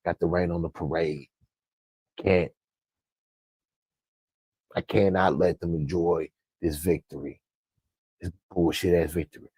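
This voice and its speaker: A man ranting bluntly with a deep, dark, husky voice. He talks slowly and drags out his words. The sound is dry and close, with hardly any room around it. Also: steady tone, no room sound. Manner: blunt, profane, emphatic. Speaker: sports commentator vlogger. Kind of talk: ranting fan commentary.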